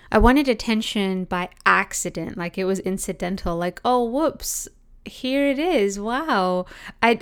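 A woman's voice: mid-range voice, clean tone. A woman with a Canadian accent telling a reflective personal story in a conversational, thoughtful way, often dropping in "like". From Britain, raised in Canada. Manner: conversational, thoughtful, frequent 'like' fillers.

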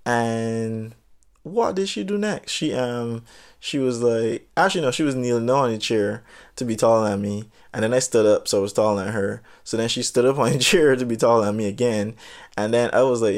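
A man's voice: medium pitch, brisk. A young man telling a story in a brash, rambling, slangy way. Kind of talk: animated storytelling.

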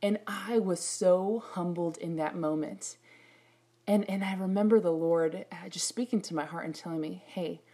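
Lively woman preaching with personal stories. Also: on the low side, moderate pace, slightly rough. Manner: animated storytelling, acts out her own prayers.

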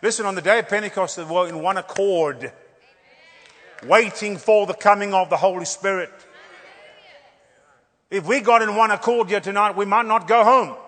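A male preacher with a high, bright voice delivers an animated revival sermon, joking and hammering phrases through repetition. His words ring out with a long reverb in a church hall. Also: normal speed, pauses often.

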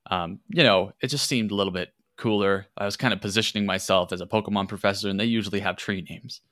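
A man's voice: fairly low pitch, fairly even intonation, fast talker, a bit bright, dry recording, clean studio sound, natural voice. A man voicing a nervous, fussy professor who stammers and speaks formally. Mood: flustered.

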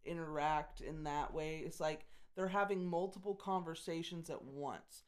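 A woman's voice: low-pitched, normal speed. A woman co-hosting a podcast, giving blunt opinions on a film in casual chat and swearing freely. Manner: blunt and profane. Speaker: podcast co-host. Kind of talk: casual movie review chat.

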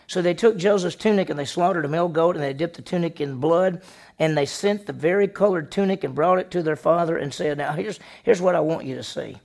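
A man pastor preaching a sermon, questioning the congregation and acting out the story with lively voices. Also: a little high, fairly quick, vocal fry.

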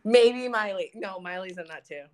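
A woman's voice: mid-range voice, moderate pace, background noise. A young woman co-hosting a podcast in casual chat, bubbly, laughing often and swearing freely. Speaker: podcast co-host.

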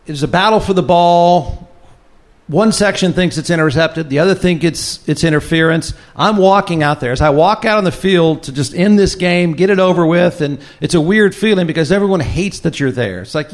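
A man's voice: sits high, moderate pace. A man who hosts the show, telling an old football story to a live audience and acting out the voices in it. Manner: lively, acts out quoted voices. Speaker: host, former football kicker.

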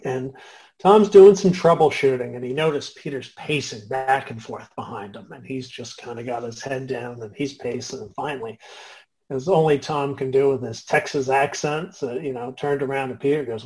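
A man hosting a conversation, telling a workplace story in a lively, conversational way. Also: mid-range voice, normal speed, low-quality recording. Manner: lively storyteller, shifts loudness often. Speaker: podcast host and business consultant.

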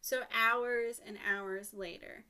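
A woman's voice: a little high, fairly even intonation, slow pace, pushed and bright, clear, resonant tone. A young woman co-hosting a podcast, retelling a story in a chatty, irreverent way. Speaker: podcast co-host. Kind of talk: casual storytelling.

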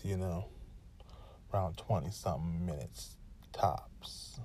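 Man, low voice, solo podcast rant, exasperated, rambling. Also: dark tone, slight background noise. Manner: exasperated, venting in rambling run-on sentences. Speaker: podcast host.

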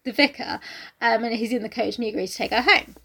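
Young woman on a podcast, high voice, chatty and jokey. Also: fast, over loud music. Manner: chatty, swears, jokey asides. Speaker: podcast co-host. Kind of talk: casual chat recapping a novel.

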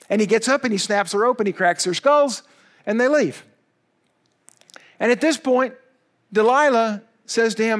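A man preaching a lively sermon, retelling the story with energy and breaking off for emphatic asides. His voice sits high for a man and swings up and down as he drives his points home. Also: normal speed. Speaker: pastor.

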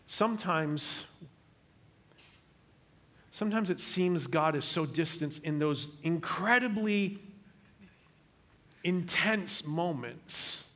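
A male pastor preaching a sermon in an earnest way, repeating words as he builds a point and dropping to a hushed voice on tender lines. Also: a little high, animated, slow pace, long pauses.

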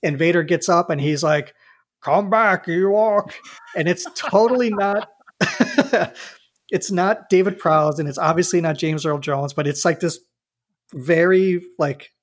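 A man's voice: on the high side, unhurried. A man chatting casually as a podcast co-host, retelling a scene with amused, rambling restarts. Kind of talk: casual chat.

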